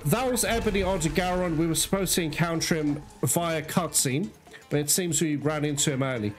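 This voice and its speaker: A man's voice: a little high, a little fast. A man giving gameplay commentary who gets worked up, swears freely and keeps calling his viewers guys. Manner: excitable, swears often, talks to viewers as guys. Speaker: let's play host. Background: game music.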